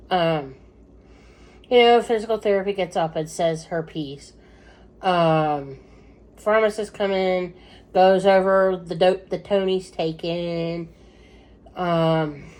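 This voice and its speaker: Rambling chatty woman, lowish voice. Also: a little mellow. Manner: rambling, chatty, many fillers and asides. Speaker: vlogger giving updates on her husband. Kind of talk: casual chat to camera.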